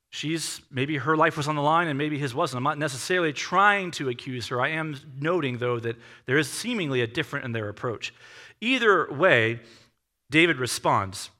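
A man preaching a sermon in a conversational way, acting out quotes and questioning his own reading. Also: on the high side. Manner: animated, acts out quotes with shifting tone. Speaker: pastor.

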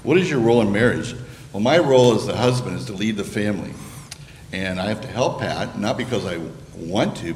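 A man's voice: low voice, big-room sound, slight background noise. An older man earnestly sharing a personal testimony about marriage at church, with some restarts. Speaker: guest speaker on marriage.

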